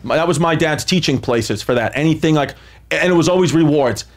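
A man's voice: on the high side, a little fast. A man telling a story casually on a podcast, swearing often and laughing as he talks. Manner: profane, laughing through his story.

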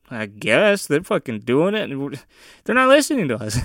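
A young man of Mexican descent ranting casually on his own, profane and often laughing, with loud bursts of emphasis. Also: on the high side, sing-song, normal speed, no room sound, studio quality. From of Mexican descent, USA. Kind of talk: casual solo rant.

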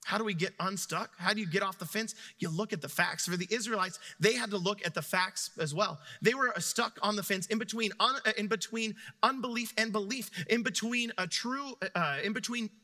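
A young man preaching with a high, sharply bright voice. He tells scripture stories in an animated way, with playful asides, and the sound rings with the long reverb of a hall. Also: a little fast, hardly any pauses. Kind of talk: sermon.

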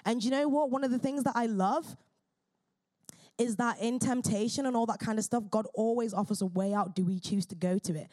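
A woman's voice: a little high, fairly quick, a little mellow. A woman preaching a sermon in an earnest, fervent way, often restarting her phrases.

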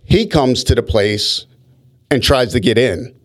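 A man spins a loose, animated story in casual conversation. His voice sits in an ordinary middle pitch, and he doubles back and restarts his sentences as he goes. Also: unhurried. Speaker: podcast co-host telling stories.

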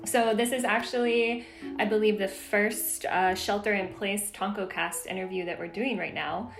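A woman's voice: medium pitch, steady tone, normal speed, creaky, echoey room, faint music behind. A woman hosting an interview podcast over a video call, effusive and gushing, laughing often. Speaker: podcast host and producer. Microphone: video call mic.

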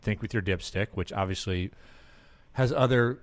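A man with a fairly low voice hosts a podcast. His talk is loose and chatty, and it is broken up by easy laughter. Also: moderate pace, slight background noise. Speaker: podcast host. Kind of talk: casual podcast chat.

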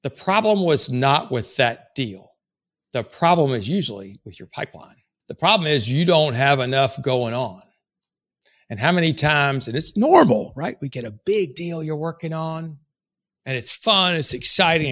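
A man's voice: fairly high pitch, lively intonation, moderate pace, fairly bright tone. Blunt, cursing man coaching sales. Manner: blunt, emphatic, swears freely. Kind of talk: motivational coaching talk.

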